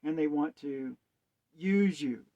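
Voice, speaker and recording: A man's voice: on the high side, slow pace, warm tone. A man giving a rambling, hesitant monologue on wordplay and scripture, asking musing rhetorical questions. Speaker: self-styled preacher. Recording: dull lo-fi sound.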